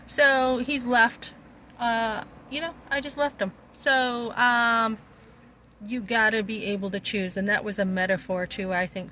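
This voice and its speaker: A woman's voice: medium pitch, bright, forceful tone, a little hiss or hum, low-quality recording. A middle-aged woman talking bluntly and emphatically in a casual vlog, recorded outdoors on a phone. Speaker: vlogger. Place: outdoors on a street.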